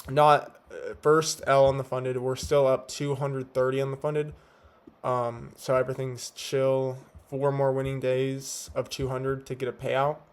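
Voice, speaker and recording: At home at night, a young day trader gives a laid-back, slangy recap of his trading day in a level, clean mid-range voice at a measured pace. He talks with a slight lisp caused by teeth whitening strips.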